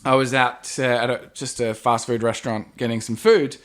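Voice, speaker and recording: A man's voice: mid-range voice, fairly even intonation, moderate pace, a bit bright. A young Australian man with an Australian accent, co-hosting a podcast and telling sardonic, profane stories in casual banter. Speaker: podcast co-host.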